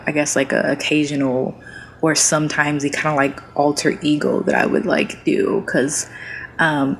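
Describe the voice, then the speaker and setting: A woman's voice: low voice, slight background noise, rough recording. A woman streamer chatting casually as a podcast guest, rambling with many fillers and restarts.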